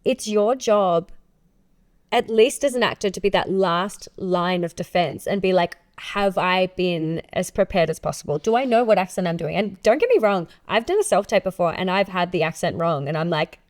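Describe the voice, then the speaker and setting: A woman co-hosting a podcast in casual chat, brisk and teasing as she steers the segments. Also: on the low side, expressive. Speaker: podcast co-host.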